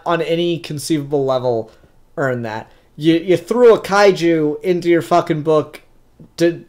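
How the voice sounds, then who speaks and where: A young man with a somewhat high voice gives a casual spoken comic book review. He rants in a blunt, profane way. His talk is loose and full of fillers.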